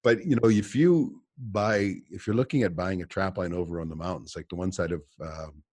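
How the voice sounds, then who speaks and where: Male guest, deep and husky, rambling storyteller who laughs a lot. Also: normal speed, a little mellow, dry recording. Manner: rambling storyteller, chuckles often. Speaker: guest trapper. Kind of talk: casual podcast chat. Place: office.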